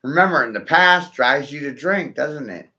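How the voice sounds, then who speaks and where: A man delivers a sarcastic, profane rant straight to his viewers and needles them with rhetorical questions. His voice is pushed and forceful, climbing and dropping in wide swings, and the recording sounds dull and lo-fi. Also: on the high side, animated, normal speed. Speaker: vlogger. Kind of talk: ranting monologue to viewers.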